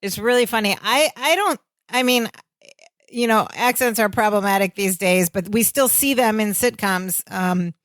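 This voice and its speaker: A woman of middle pitch talks through a sitcom plot in a relaxed, conversational way, pausing on fillers as she explains references. Her voice sits dry and close to the mic. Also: no echo. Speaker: podcast co-host. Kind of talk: casual recap chat.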